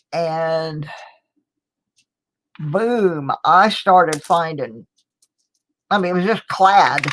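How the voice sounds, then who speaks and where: Middle-aged woman, home vlogger, easy rambling chat, slow and low. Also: fairly bright tone, slight background noise. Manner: chatty and rambling, with small laughs. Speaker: coin roll hunting vlogger. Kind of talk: casual chat to viewers. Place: home, indoors.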